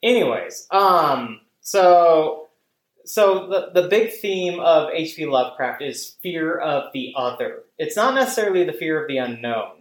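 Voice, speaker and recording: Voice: medium pitch, a little slow, echoey room, poor audio. A podcast host talking casually and animatedly, full of fillers and frequent swearing. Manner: rambling, animated, profane, many fillers. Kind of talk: casual chat.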